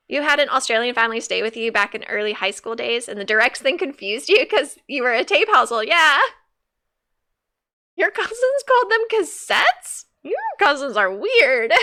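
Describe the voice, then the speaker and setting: A woman's voice: high voice, pushed and bright. A woman streaming a game live, chatting playfully, laughing and reading chat aloud. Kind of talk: casual live-stream commentary.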